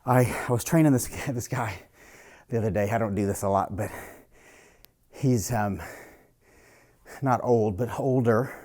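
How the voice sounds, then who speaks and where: Male personal trainer, casual and blunt, mid-pitched voice, talks through his sets with a salty edge. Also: darkish tone. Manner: blunt, casual, swears freely. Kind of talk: casual workout coaching talk.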